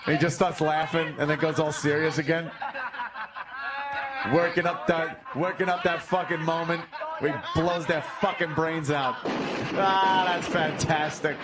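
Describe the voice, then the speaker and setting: A man's voice: a little high, measured pace, very noisy. A man hosting a stream, chatting casually and laughing while reacting to a film scene, swearing often. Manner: excited, laughing, swearing a lot. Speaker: stream host. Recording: distant mic with loud clip audio behind.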